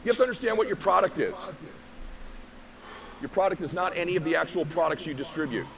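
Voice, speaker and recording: A man's voice: high voice, lively intonation, fast talker, vocal fry, a crowd in the background. A man giving an emphatic, preachy motivational keynote on stage before a live audience, firing off rhetorical questions. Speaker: motivational speaker.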